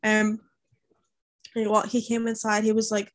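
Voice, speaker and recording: A woman's voice: medium pitch, monotone, measured pace, no room sound. A young woman in casual chat, telling a family story with many fillers and acting out what her relatives said. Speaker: podcast co-host.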